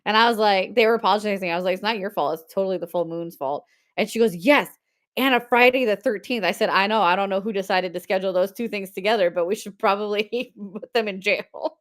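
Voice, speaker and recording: A woman's voice: medium pitch, fast. A woman in her forties hosting a live-stream sale, chatting casually, telling stories with frequent laughter and reading out viewer comments.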